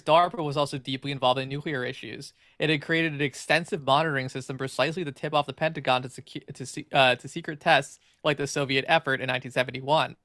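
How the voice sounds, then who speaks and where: A podcast co-host reading an article aloud, stumbling, restarting and filling gaps with "like" and "uh". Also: male voice, mid-range voice, sharp tone, no room sound, clean studio sound. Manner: fast, filler-heavy reading with frequent stumbles and restarts.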